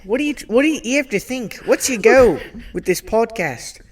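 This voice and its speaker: A man's voice: extremely high pitch, lively intonation, normal speed, pitched above the performer's own voice. A man putting on an upset Australian bloke. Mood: indignant. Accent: put-on Australian, slipping into English. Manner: indignant scolding, repeats "mate". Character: irate male Australian show critic, preachy. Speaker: podcast co-host.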